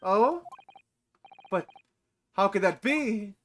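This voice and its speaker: A man's voice: high-pitched, animated, very slow, fairly bright tone, a little hiss or hum, exaggerated voice. A man voicing a polite, formal young Japanese woman, reading game dialogue aloud.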